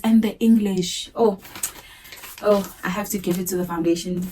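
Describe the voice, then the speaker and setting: A woman's voice: fairly high pitch, takes it slowly, dark tone, slight background noise, low-quality recording. A young woman, a primary school teacher, chatting casually to camera and laughing often, repeating her words as she talks. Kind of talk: casual vlog chat.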